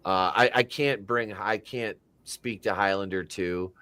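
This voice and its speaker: A man co-hosting a casual movie discussion in an easygoing, unhurried way. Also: on the low side, bright, forceful tone, no room sound.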